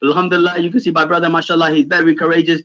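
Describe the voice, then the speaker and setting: Man, fairly high voice, animated storytelling for kids, video call. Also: rapid-fire, lo-fi sound. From Pakistan. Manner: animated, keeps asking "right?". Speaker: youth speaker. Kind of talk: storytelling talk for children.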